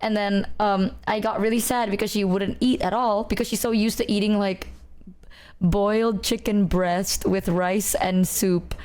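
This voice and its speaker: A woman's voice: mid-range voice, measured pace, smooth. A young woman streamer chatting casually, telling rambling stories full of "like" and "bro". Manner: rambling, animated storytelling with lots of "like" and "bro". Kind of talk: casual chat.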